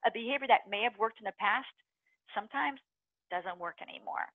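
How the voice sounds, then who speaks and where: Woman webinar presenter, energetic, expressive, tinny phone line, dry sound. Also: on the high side, fairly quick, no echo. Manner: energetic, acts out inner voices with sighs and gasps.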